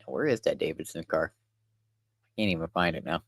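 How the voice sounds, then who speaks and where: A young man chatting casually to his livestream viewers while he works, relaxed and rambling. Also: very deep voice, normal speed, no echo, clean studio sound. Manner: relaxed, rambling, talks to chat while working.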